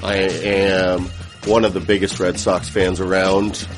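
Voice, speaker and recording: A man speaks in a somewhat low voice as a devoted sports fan. He is earnest and grows fervent when he talks about his team. Music plays clearly under him. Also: flat delivery, slow. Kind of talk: interview storytelling.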